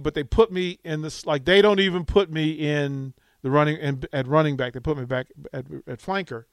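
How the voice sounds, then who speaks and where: Animated male sports radio host. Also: on the high side, normal speed, clear, resonant tone, no echo. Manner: animated storytelling, acts out quotes.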